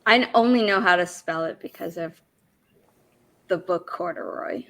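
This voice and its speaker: A woman with a bright, forceful voice, hosting a writing sprint livestream. She chats casually between sprints, tossing out quick asides. She counts everyone down into the next round. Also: on the low side. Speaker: writing sprint stream host.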